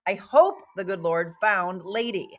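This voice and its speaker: A woman hosting a live talk show, telling a story in a lively way and laughing often. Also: medium pitch, a little slow. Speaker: host.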